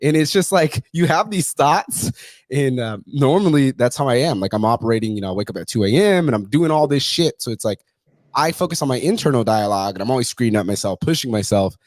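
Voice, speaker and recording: With lively intonation and a fairly quick pace, a podcast host spins casual stories in a mid-range, slightly mellow voice. He's profane and blunt, cursing nonstop and performing the quotes of others, recorded with no echo.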